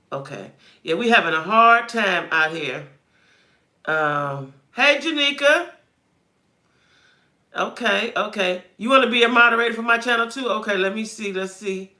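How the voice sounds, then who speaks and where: A woman hosts a casual live chat stream in a very bright, forceful voice. She talks straight to her viewers, greets them by name, and narrates her own fumbling with the stream settings as she goes. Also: medium pitch. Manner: thinks aloud while fumbling with stream settings. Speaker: livestream host.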